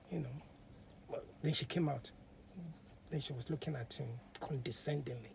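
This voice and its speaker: Guy hosting a podcast, casual storytelling, whispery asides, raspy fry. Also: mid-range voice, fairly even intonation, moderate pace, long pauses, a little hiss or hum. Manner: chatty, drops to whispers. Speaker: podcast host.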